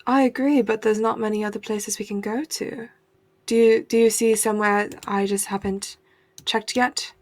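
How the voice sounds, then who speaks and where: Gravelly-voiced woman player. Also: medium pitch, steady tone, moderate pace. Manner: thinks aloud, plans carefully. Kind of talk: playing a tabletop game.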